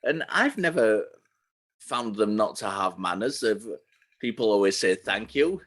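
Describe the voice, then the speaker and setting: English guy on a podcast, lower voice, careful and a bit halting. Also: animated, a bit bright. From England. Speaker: podcast co-host. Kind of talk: casual chat.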